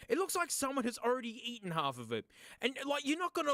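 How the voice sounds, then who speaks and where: A young South Australian man vlogging casually, joking and breaking into shouts as he browses a second-hand shop. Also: fast, dry recording, studio quality. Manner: animated, jokey, bursts into high shouting. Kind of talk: casual comedic thrift-shop vlog.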